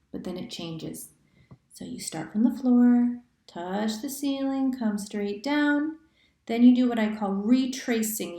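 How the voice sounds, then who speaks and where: A woman's voice: on the high side, warm tone. A woman teaching cursive handwriting, chanting the stroke names step by step. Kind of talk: handwriting lesson. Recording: echoey room.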